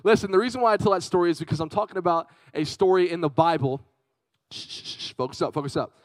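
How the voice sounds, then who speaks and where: A young man giving a youth sermon, telling a personal story in a chatty, lively way and calling out to his young audience. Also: high voice, very fast, no room sound. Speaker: youth speaker.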